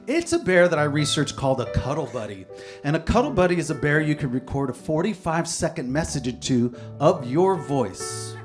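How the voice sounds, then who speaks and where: A man's voice: on the high side, sing-song, normal speed. A man telling a self-mocking comic story on stage, rambling along with bursts of laughter. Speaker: comedian and poet. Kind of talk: live stand-up storytelling. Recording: live stage recording with guitar music. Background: guitar music.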